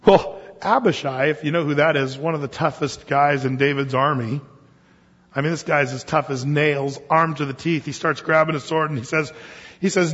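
A male preacher gives a lively, conversational sermon at a moderate pace, firing off rhetorical questions. His husky voice sits a little high, and it rings through a long-echoing hall on a muffled recording.

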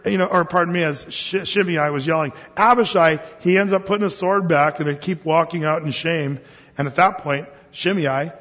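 A male preacher delivers a sermon in a lively, conversational way, firing off rhetorical questions. His voice is husky and sits a little high. It rings through a long-echoing hall on a muffled recording.

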